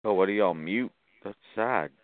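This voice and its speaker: A man's voice: fairly low pitch, moderate pace, no echo. A man from Boston on a conference call, talking in a brash, taunting way and laughing at the other callers. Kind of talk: trolling phone chat. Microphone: phone. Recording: tinny phone line.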